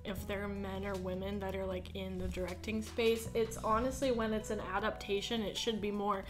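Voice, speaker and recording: A woman's voice: medium pitch, flat delivery, moderate pace, over music. A young American woman co-hosting a podcast, talking casually and hesitantly, with lots of fillers and giggles. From United States. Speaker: podcast co-host. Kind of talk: casual chat.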